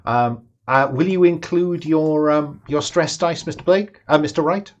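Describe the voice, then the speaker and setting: A man narrating as game master, measured and full of pauses and restarts. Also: a little high, highs cut off.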